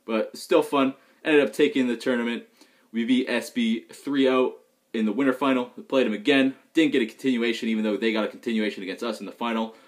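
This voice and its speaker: A man's voice: medium pitch, fairly even intonation, a little fast. A young man, a pro gamer, talking in a loose, rambling and frank vlog chat. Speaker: pro gamer vlogging about tournaments.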